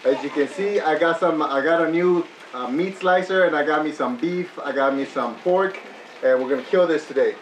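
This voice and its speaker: A woman's voice: sits low, normal speed. A woman hosting a casual eating video at home, chatting loosely with many fillers and restarts. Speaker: mukbang vlogger host. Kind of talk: casual chat while cooking and eating. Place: home dining table with sizzling grill. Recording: echoey room with sizzling food noise.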